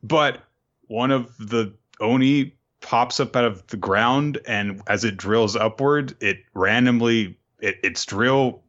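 A man's voice: medium pitch, fairly bright tone. Sex: man. Role: podcast host. Style: casual profane recap. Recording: slightly dull lo-fi. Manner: loose and profane, fillers, jumps into quick character voices.

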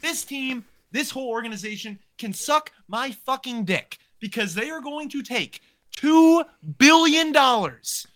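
Bright-voiced man ranting profanely. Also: very high voice, lively intonation, unhurried. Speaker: podcast co-host. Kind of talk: casual sports podcast rant.

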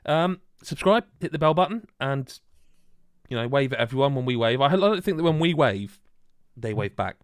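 A man's voice: medium pitch, expressive, moderate pace, clear, resonant tone, no room sound. A man hosting a podcast, rambling and joking with friends, full of restarts. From Wales. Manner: rambling, jokey, many restarts. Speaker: podcast host. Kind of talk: casual banter.

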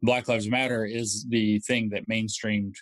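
A man appearing as a podcast guest, explaining ideas in a measured, casual way. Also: on the low side, little pitch movement, no echo. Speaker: guest author.

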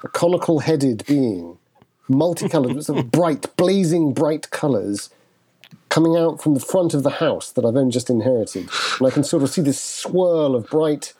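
A husky-voiced man recounts his character's actions in a tabletop game with wry storytelling. His speech has a breathy, raspy edge. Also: fairly high pitch, expressive, moderate pace, mellow. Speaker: player. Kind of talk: in-character tabletop role-play.

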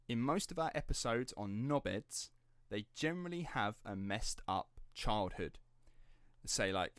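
A man's voice: on the low side, fairly bright tone, no room sound, studio quality. A man hosting a casual true-crime podcast, rambling and laughing as he drifts off script. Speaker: podcast host.

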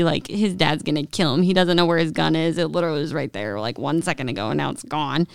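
A young woman co-hosting a hunting podcast, telling a story in a lively casual way and acting out what people said. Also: low-pitched, quick pace, gravelly, clean tone, dry recording, clean studio sound. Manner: animated retelling with quoted voices. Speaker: podcast co-host.

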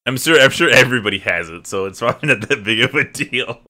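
A man hosting a casual gaming podcast, telling stories in a lively way and swearing freely. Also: medium pitch, fast, slight background noise. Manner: animated storytelling, swears freely. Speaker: podcast host and guild recruiter.

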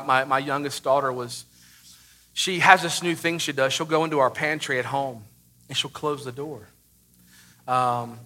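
Emphatic bright-voiced male pastor preaching. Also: fairly high pitch. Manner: emphatic preaching with sudden loud bursts and rhetorical questions. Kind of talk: sermon.

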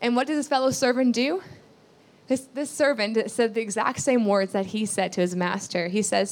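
A woman's voice: a little high, fairly even intonation, moderate pace, a little mellow. A woman giving a sermon, reading scripture aloud and explaining it earnestly, repeating key phrases and asking rhetorical questions. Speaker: Bible teacher.

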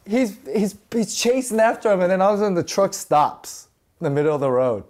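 A man's voice: high-pitched, expressive, fairly quick, darkish tone. A middle-aged man being interviewed, telling stories casually and animatedly, acting out voices and laughing often. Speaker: guest.

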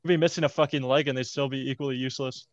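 A man's voice: medium pitch, fairly even intonation, very fast, dry recording, muffled recording. A man in casual football chat, dry and sarcastic, arguing his opinions.

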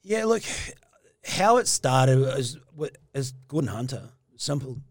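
A man's voice: medium pitch, very animated, slow pace, dry recording, studio quality. A middle-aged man, a former rugby player telling his story in a casual interview, rambling with many fillers and restarts.

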